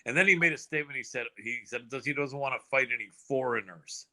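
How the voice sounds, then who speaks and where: An American man hosting a casual podcast chat, chatty and quick to laugh. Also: medium pitch. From United States. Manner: chatty, laughs often, excitable. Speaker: host.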